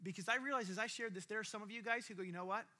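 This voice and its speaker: Bright high-voiced male preacher. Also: very fast. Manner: conversational preaching, acts out quoted listeners. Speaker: pastor. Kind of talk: sermon.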